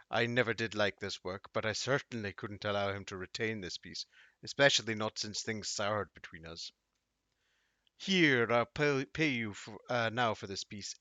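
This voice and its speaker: A man voicing a scheming middle-aged brothel madam who bargains smoothly and sounds pleased with herself. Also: lowish voice, normal speed, pushed and bright, no room sound. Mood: smug. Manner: smooth, self-satisfied bargaining. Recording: dull dry audio.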